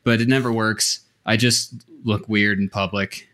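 A man with a lowish, sharp-toned voice and fairly even intonation co-hosts a podcast in casual conversation, speaking unhurriedly. He rambles, restarts his sentences, and pokes fun at himself.

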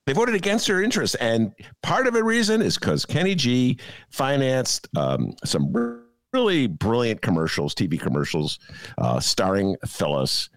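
A man's voice: mid-range voice, sing-song, normal speed, no room sound. A man co-hosting a political podcast, ranting sarcastically about the week's news. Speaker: podcast co-host. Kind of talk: casual political commentary.

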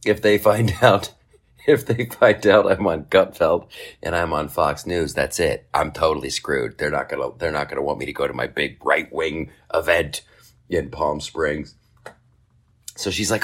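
A man hosting a podcast, telling a comic story in a casual, profane way and jumping into high mocking voices for other people. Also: moderate pace, a bit bright. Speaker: podcast host.

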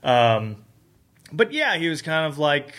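A man in casual conversation as a guest director, telling animated stories and acting out what people said. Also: a little high, slow. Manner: animated storyteller who acts out quotes.

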